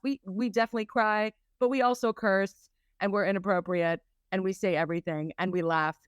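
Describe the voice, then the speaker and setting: A woman coach being interviewed on a podcast, talking in a lively way and acting out quoted voices. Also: on the low side, dry recording. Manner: lively and animated, acts out quotes in raised voices. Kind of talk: conversational interview.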